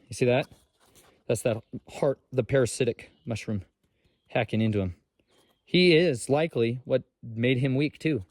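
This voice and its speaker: Folksy, excitable man on a forest walk. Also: on the low side. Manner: folksy, excitable, talks straight to viewers. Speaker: homesteader vlogger. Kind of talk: walk-and-talk forest vlog. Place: outdoors in a forest.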